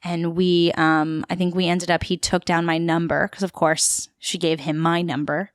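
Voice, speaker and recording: A woman tells a lively story as a podcast guest. Her voice sits a little low, and her talk runs chatty and full of fillers. The recording is close and dry. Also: normal speed, clean tone, dry recording. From Queens, New York City. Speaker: podcast guest, actor and tour guide. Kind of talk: casual storytelling interview.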